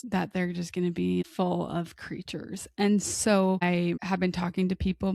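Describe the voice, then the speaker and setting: A woman's voice: fairly low pitch, creaky, a little mellow, no echo, studio quality. A woman in her thirties co-hosting a podcast, telling long rambling stories in casual chat. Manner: chatty, rambling storyteller. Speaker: podcast co-host.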